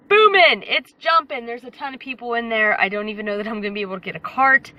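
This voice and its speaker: A woman's voice: medium pitch, bright, forceful tone. A woman in her thirties chatting casually to a phone camera while out shopping, rambling with lots of fillers. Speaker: vlogger. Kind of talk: casual vlog chat. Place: out and about, in stores and car.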